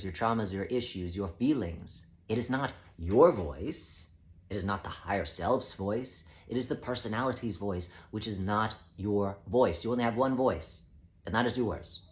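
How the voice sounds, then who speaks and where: A man speaking as a spiritual teacher, explaining ideas in a calm, measured way. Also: fairly low pitch. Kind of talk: spoken teaching talk.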